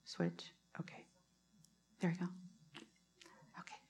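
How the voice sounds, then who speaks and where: A woman preaching a sermon on a hands-free mic, soft-spoken and often sinking to a near whisper. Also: slow, slight background noise.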